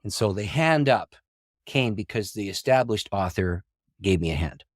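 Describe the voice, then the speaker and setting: A middle-aged man, a pastor and author, telling a long story in an interview with animated delivery, acting out quoted dialogue and laughing often. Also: lowish voice, normal speed, no room sound, clean studio sound. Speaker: pastor and author, podcast guest.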